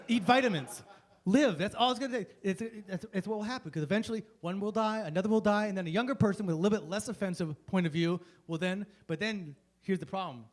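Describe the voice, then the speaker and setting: High-voiced male comic, rambling and profane, constantly breaking off mid-thought. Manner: rambling, profane, self-interrupting. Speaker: stand-up comedian. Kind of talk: stand-up comedy set. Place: comedy club stage.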